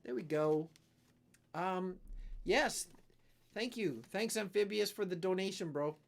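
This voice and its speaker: A man's voice: high voice, unhurried, vocal fry. A man from Canada hosting a casual livestream, rambling and joking about himself as he jumps between topics and reads comments. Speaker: livestream host and musician. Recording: guitar music behind. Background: guitar music.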